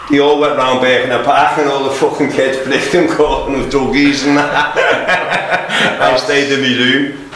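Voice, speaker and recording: A man tells blunt, sweary stories, chuckling along and calling everyone "mate". His voice sits at an ordinary pitch. It is recorded in a very echoey room. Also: moderate pace, a bit bright, slight background noise. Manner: swears constantly, laughs through stories, tags on 'mate'. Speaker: guest, former footballer. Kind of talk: candid storytelling in casual chat.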